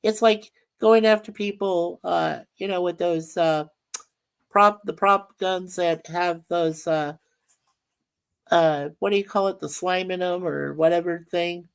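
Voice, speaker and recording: A woman's voice: fairly low pitch, fairly even intonation, unhurried, creaky, smooth. A woman hosting a casual livestream chat, rambling and reading viewer comments aloud. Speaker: livestream host.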